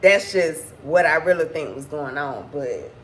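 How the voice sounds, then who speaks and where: Woman vlogger, low-pitched and slow, candid rambling storytime delivery with cursing. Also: lively intonation, fairly bright tone, a little hiss or hum. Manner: candid, rambling, swears, apologizes and restarts. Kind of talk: casual storytime monologue.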